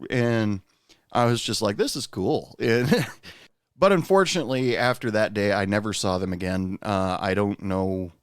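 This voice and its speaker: A man hosting a podcast, telling a personal story in a casual, rambling way with lots of pauses. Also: lowish voice, clear, resonant tone, no room sound, studio quality. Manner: rambling, many "uh" pauses, animated when quoting. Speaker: podcast host and bartender.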